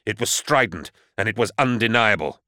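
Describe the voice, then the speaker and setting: A man reading a grim first-person audiobook narration in a measured, dramatic way. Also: fairly low pitch, lively intonation, pushed and bright, no echo, studio quality.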